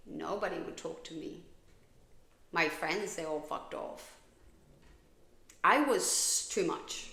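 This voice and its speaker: Podcast host: a woman from Colombia, low gravelly voice, blunt and confessional, recorded in an echoey room. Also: sharp tone. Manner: candid, blunt, swears freely. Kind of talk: confessional personal monologue.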